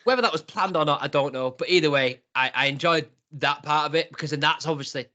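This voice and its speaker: Young man, higher and bright in tone, animated casual podcast co-host who laughs a lot. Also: quick pace. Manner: animated, laughs often, acts out quotes. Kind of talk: casual review chat.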